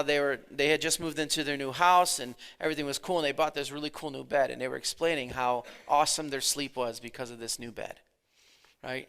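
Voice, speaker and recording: A pastor in his thirties giving a conversational sermon, dropping his voice low and then swelling for emphasis. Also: a bit bright, smooth.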